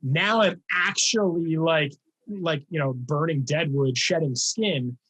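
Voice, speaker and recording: Young guy hosting a podcast, kinda high husky voice, rambles a lot w fillers. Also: low-quality recording. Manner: rambling and animated, heavy on "like" fillers. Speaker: podcast host and music reaction creator. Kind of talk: casual podcast chat.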